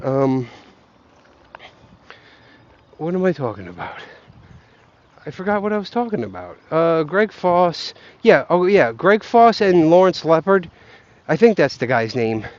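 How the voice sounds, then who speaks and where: A man's voice: on the high side, very animated, moderate pace. A young man ranting casually outdoors, swearing often and rambling between half-formed thoughts. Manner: profane, rambling, self-doubting. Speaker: vlogger. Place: outdoors, near geese. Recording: muffled lo-fi recording.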